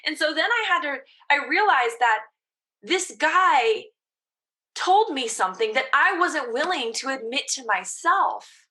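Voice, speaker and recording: A woman's voice: high voice, animated, unhurried, sharp tone. A woman in her thirties, a mental performance coach, casually telling her story as a podcast guest and quoting her own past thoughts.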